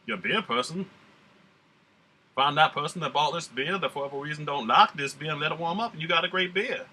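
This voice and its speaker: A man's voice: fairly high pitch, brisk, bright, forceful tone. A man from the United States hosting a casual beer-tasting vlog in a put-on American Southern drawl, rambling and laid-back with slang. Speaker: beer reviewer.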